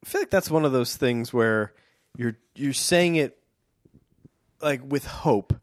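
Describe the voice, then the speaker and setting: A man co-hosting a casual book podcast, joking between passages he reads aloud. His voice swings widely in pitch, and the sound is dry and close. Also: animated, measured pace, dry recording. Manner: joking, acts out quoted lines. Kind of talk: casual chat and playful read-aloud.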